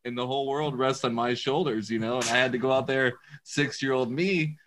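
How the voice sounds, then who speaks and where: Bright-voiced joking man. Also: mid-range voice, steady tone, fairly quick, a little hiss or hum. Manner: joking, laughs often, storytelling. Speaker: podcast co-host. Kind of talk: casual chat.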